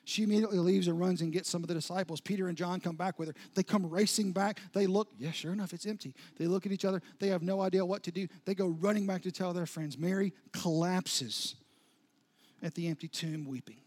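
A pastor preaching a sermon, retelling a story with dramatic soft drops and rising intensity. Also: male voice, sits high, steady tone, fairly quick.

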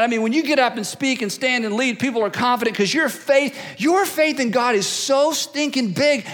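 High-voiced man preaching in a hall. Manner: animated, conversational preaching that swings between loud and hushed. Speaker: pastor. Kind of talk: sermon.

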